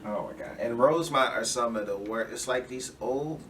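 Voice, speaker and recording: A man of middle pitch tells loose, rambling stories in casual chat and slips into quoted voices now and then. He sits a little back from the mic, and faint room noise hums under him. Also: normal speed, a bit bright, distant mic. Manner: laid-back, rambling anecdotes with acted-out quotes. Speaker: stand-up comedian guest.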